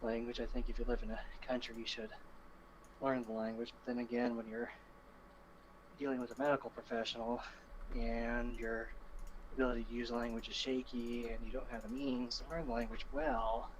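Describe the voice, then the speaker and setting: A young man, a medical student just done with his boards, chatting casually and explaining his views in a measured, unhurried way. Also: mid-range voice, little pitch movement, noisy background. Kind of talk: casual chat.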